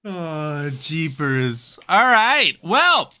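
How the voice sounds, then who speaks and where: A man's voice: on the high side, very animated, extremely slow, sharp tone. A man hosting a comedy game show with a playful, exasperated manner.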